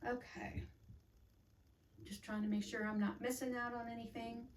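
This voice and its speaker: A middle-aged woman talks through her cross stitch projects in a loose, rambling way and keeps correcting herself as she goes. She sits a little back from the mic, and her voice carries a clear echo from the room. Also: fairly high pitch, little pitch movement, normal speed, noisy background. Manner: chatty, rambling, self-correcting. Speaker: cross stitch channel host. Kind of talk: casual crafting vlog chat. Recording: echoey room, voice a bit far from mic.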